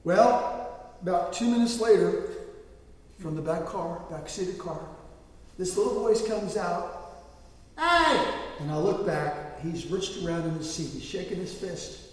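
A man's voice: high-pitched, a little slow. Earnest preacher, man, heard in an echoey hall. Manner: earnest preaching, swells louder when quoting God. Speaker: pastor. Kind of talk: sermon. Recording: echoey hall, voice from far off the mic.

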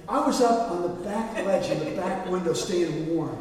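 A man preaching a sermon as pastor, moving between quiet asides and emphatic quoted lines. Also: sits high, normal speed. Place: church sanctuary. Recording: echoey hall, voice from far off.

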